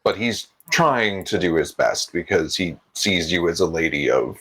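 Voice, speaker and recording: Low, husky game master, animated, casual narration. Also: normal speed, rough recording. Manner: loose, casual narration with fillers.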